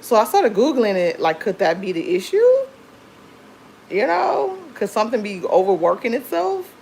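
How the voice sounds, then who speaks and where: A woman's voice: medium pitch, big pitch swings, normal speed, gravelly, a little mellow, a little hiss or hum, rough recording. A woman chatting casually on a livestream from home, telling rambling stories full of fillers. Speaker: livestream host.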